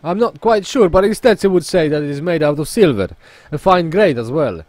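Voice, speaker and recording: A man's voice: on the high side, expressive, fairly quick, a little mellow, dry recording, lightly acted. A man voicing a boastful male merchant of rare oddities, with a theatrical, put-on Italian accent that slips now and then. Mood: grandiose. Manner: theatrical, refers to himself in third person, stumbles on the accent.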